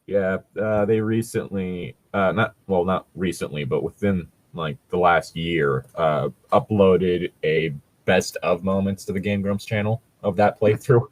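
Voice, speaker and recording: A man's voice: low-pitched, a little slow, hardly any pauses. A man reading a fan story aloud in a casual comedic read-along, laughing often and swearing through rambling asides.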